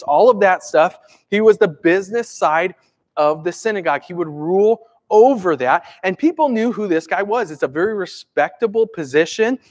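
Pastor, male, high voice, chatty sermon full of rhetorical questions. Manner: conversational, asks the congregation rhetorical questions; acts out everyday inner voices.

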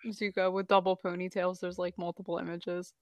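A woman's voice: lowish voice, little pitch movement, a little fast, no room sound. A young woman chatting casually on a voice call, giggly and full of "like". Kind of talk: casual chat. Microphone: voice chat call.

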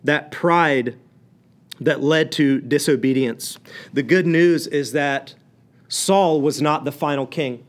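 A pastor delivering a sermon in a fairly high voice. He preaches with fervor, rising loud and then dropping to a hushed intensity to drive points home. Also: slow. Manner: impassioned preaching that swings from loud to quiet.

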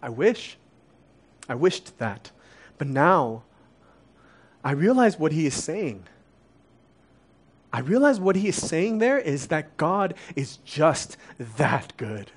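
A young adult man preaching a sermon, earnest and confessional, dropping soft and then rising to emphatic peaks. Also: a little high, very animated, takes it slowly, long pauses, slightly rough.

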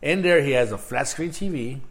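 A man's voice: mid-range voice, animated, brisk. A man in casual chat, telling a long story and acting out quotes in a raised voice with laughs.

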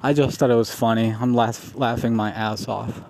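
A man's voice: medium pitch, steady tone, moderate pace, creaky, a little mellow. A young man telling a long, rambling, profane story in a casual vlog, laughing often as he talks. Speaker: vlogger.

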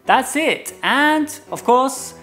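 A man's voice: extremely high pitch, expressive, slow pace, pushed and bright. Guy teaching english phrases, playful little example scenes, faint music under it. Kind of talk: casual bilingual lesson chat.

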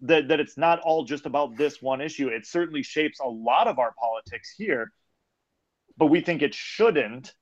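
A man's voice: fairly high pitch, lively intonation, normal speed, dull audio. A man co-hosting a discussion podcast, speaking reflectively with hesitant restarts. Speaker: podcast co-host. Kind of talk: casual discussion.

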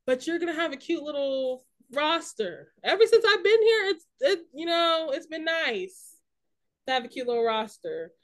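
A young woman with a high, bright voice, co-hosting a casual podcast. She talks emphatically and animatedly, leaning hard on her points. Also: big pitch swings, normal speed. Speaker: podcast co-host. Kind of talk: casual chat.

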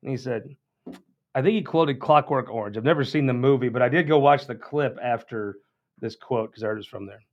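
A man's voice: medium pitch, brisk, muffled recording. Rambling folksy male show host. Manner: rambling and folksy, with many restarts. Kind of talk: casual spoken announcement.

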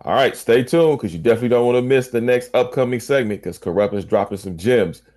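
A man hosting a radio show, asking questions and reading a smooth segment outro. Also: mid-range voice, fast, darkish tone, soft background music. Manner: brief affirming interjections, smooth outro. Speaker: radio host. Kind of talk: radio interview.

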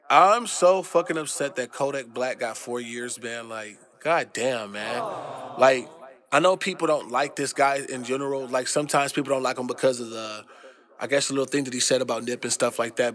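Profane, slangy male commentator. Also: mid-range voice. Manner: loose, profane, animated rants with slang. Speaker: host. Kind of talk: casual commentary monologue.

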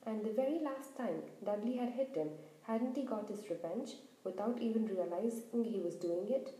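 A woman reading a children's book aloud in an expressive, animated way. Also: mid-range voice, moderate pace. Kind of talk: storybook narration. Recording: roomy echo.

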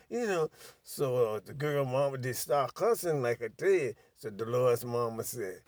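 An older man telling a profane story in casual chat, animated and laughing as he goes. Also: mid-range voice, moderate pace, no room sound.

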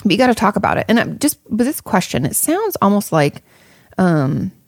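A woman's voice: mid-range voice, very animated, moderate pace, vocal fry, dry recording, studio quality. A woman therapist giving casual, frank advice to viewers, thinking aloud with plenty of fillers and the odd swear word. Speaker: therapist answering viewer questions.

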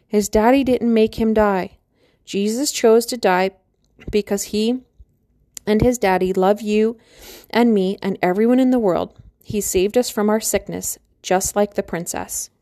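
A woman reading an audiobook, voicing a gentle father who tenderly reassures his daughter. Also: mid-range voice, measured pace, no echo, studio quality, close to an everyday voice. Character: gentle loving middle-aged father.

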